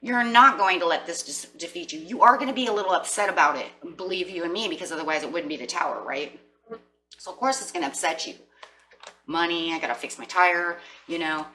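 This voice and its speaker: A woman with a bright, slightly low voice gives a casual tarot reading to her viewers. She talks in a chatty, animated way and keeps dropping into quoted inner voices. A faint hum runs underneath. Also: fairly quick, poor audio. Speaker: tarot reader.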